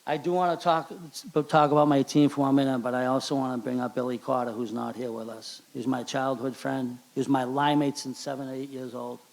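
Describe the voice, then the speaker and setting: A middle-aged man with a Boston accent giving an emotional hall of fame acceptance speech at a banquet, halting and repeating words. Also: medium pitch, flat delivery, vocal fry. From Charlestown, Boston.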